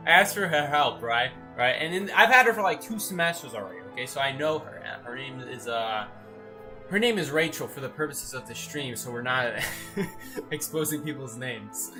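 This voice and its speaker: A young adult game streamer telling stories in casual chat, animated and often asking "right?". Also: medium pitch, normal speed, music in the background. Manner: animated storyteller, tags lines with "right?". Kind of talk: casual chat while gaming.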